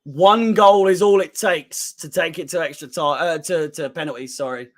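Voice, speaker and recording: A man's voice: fairly high pitch, moderate pace. A man hosting a live fan watchalong, giving blunt, emotional commentary on a football match with frequent swearing. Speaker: fan channel host.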